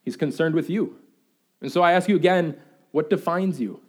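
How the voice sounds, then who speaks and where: Animated young male pastor preaching. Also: a little high, normal speed, breathy edge. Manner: animated storytelling, excitable and playful. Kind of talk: sermon. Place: church.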